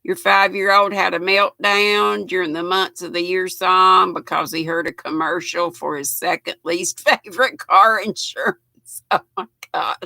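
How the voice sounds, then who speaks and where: An older woman with a Southern US accent, a little hoarse, hosting a chatty live stream and reading out viewer comments. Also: fairly low pitch, fairly even intonation, normal speed, bright, forceful tone, no room sound. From United States. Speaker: host.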